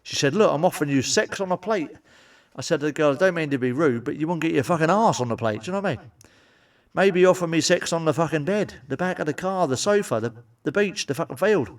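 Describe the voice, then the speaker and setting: A man's voice: on the high side, expressive, quick pace. Man, stand-up comedian, crude and sweary, distant mic. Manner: blunt, sweary, asides to the audience. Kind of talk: crude stand-up joke telling.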